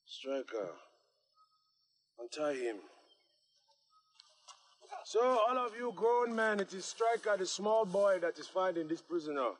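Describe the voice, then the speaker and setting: A man's voice: high-pitched, expressive, slow pace, pauses often, slight background noise. An actor with an African accent playing a harsh, domineering male warlord who barks orders at his troops. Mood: menacing. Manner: barking orders, drilling troops. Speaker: film character.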